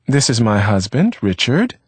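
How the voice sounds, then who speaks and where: A man voicing a gentle woman hostess who welcomes a guest and tries to reassure her. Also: mid-range voice, big pitch swings, breathy edge, dry recording, pitched above the performer's own voice. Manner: kind, hurried.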